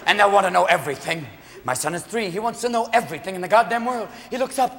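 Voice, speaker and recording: A man performing a manic stand-up comedy routine, jumping between shouts and put-on voices, recorded live in a large theater. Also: high-pitched, quick pace, gravelly. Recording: live show in a big hall with a crowd. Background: audience laughter and crowd noise.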